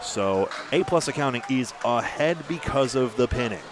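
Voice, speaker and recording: A man's voice: mid-range voice, animated, moderate pace, hardly any pauses, noisy background. A man giving live bowling commentary, chatty and self-deprecating, with asides between frames.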